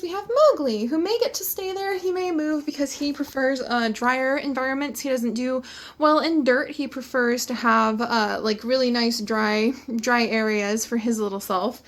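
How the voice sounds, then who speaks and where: A woman vlogging in a casual, chatty and enthusiastic way, with lots of "like" fillers. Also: on the high side. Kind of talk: casual chat.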